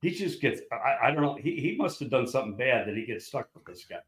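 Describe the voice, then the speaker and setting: A man's voice: medium pitch, expressive, quick pace. Older man, blunt, rambling, swears freely, echoey room. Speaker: guest, former football scout. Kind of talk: casual storytelling chat.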